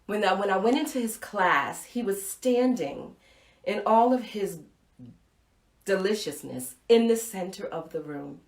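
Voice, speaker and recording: A middle-aged woman hosting a live show, telling a personal story with playful, expressive swings between loud and soft. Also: mid-range voice, unhurried, echoey room. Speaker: live show host and speaker.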